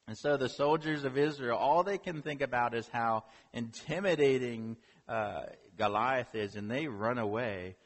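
A male preacher telling a story in a sermon, animated, asking rhetorical questions. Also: medium pitch, moderate pace, hardly any pauses. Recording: long hall reverb.

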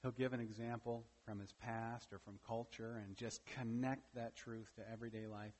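A male pastor delivers a sermon at a mid-pitched, ordinary register, pressing his points with emphasis and checking in with the congregation through quick tag questions. His voice carries a long reverb tail from the church hall around him. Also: little pitch movement, darkish tone. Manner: emphatic preaching with frequent "right?" tag questions. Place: church during a morning service.

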